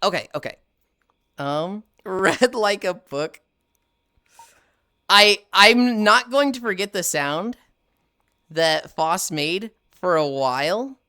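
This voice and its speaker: Animated, swearing woman streamer. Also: lowish voice, no echo, clean studio sound. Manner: animated, swears often, laughs a lot. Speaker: live streamer. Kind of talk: casual chat while gaming.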